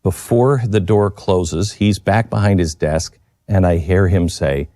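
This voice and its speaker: A radio talk show host tells a personal story into a studio microphone, earnest and reflective, with halting restarts. His voice is low and mellow, with no echo.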